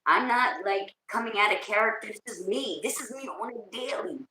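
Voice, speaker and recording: A woman with a New Jersey accent hosting a casual livestream, loud, big-voiced and hyped, talking straight from emotion. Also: mid-range voice, expressive, normal speed, echoey room, a crowd in the background, poor audio. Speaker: livestream host.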